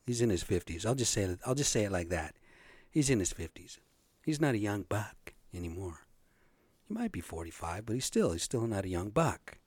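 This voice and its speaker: A man's voice: on the low side, dry recording. Rambling, profane man in his fifties. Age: 50s. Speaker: podcast host. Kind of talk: casual monologue.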